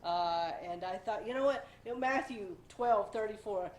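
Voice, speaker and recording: A woman's voice: mid-range voice, moderate pace. A woman in her forties hosting a casual weekly devotional talk, a bit under the weather, chatty and self-deprecating with playful asides. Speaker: devotional host. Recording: roomy, slightly echoey home recording.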